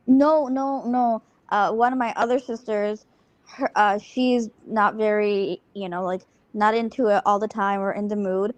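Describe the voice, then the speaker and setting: A woman's voice: medium pitch, steady tone, a little slow, no echo. A woman calling in to a live stream, speaking hesitantly with restarts and fillers. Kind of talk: casual chat.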